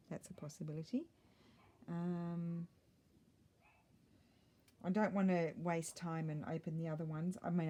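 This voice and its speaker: A middle-aged woman talks her viewers through a craft project in a relaxed, rambling way, often muttering to herself as she decides. Her voice is mellow and sits a little low. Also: a little hiss or hum. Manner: chatty, thinks aloud, muttering asides. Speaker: craft vlogger. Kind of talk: casual crafting chat.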